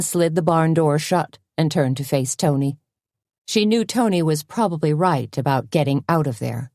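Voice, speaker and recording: A woman narrating a mystery audiobook in an even, measured way. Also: sits low, dry recording, clean studio sound. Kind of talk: scripted narration.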